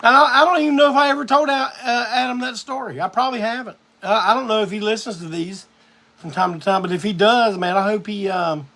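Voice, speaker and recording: A man's voice: sits high, fast, sharp tone. A man hosting a live music show, telling a rambling, profane story in a casual monologue.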